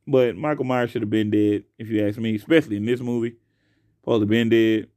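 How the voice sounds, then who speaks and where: A young man hosting his own podcast alone, talking casually and profanely into a close mic, swinging between loud outbursts and quiet asides. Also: on the low side, fairly even intonation, a little fast, no echo. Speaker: podcast host. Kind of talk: casual solo podcast rant.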